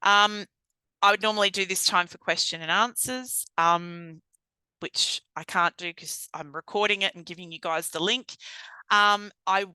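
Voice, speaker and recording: Female trainer, recorded talk; clear resonant voice, dry and close, casual teaching manner. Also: mid-range voice, a little slow, no echo, rough recording. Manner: conversational, repeats calm validating phrases. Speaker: trauma-informed practice trainer. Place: recorded alone for online viewers.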